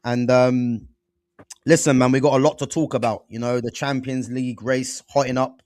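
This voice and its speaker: A man's voice: mid-range voice, steady tone, moderate pace, a little mellow, dry recording. A young man hosting a casual football chat show, talking loosely with plenty of slang. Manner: laid-back, loose slangy talk peppered with "man" and "bro". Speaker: podcast host.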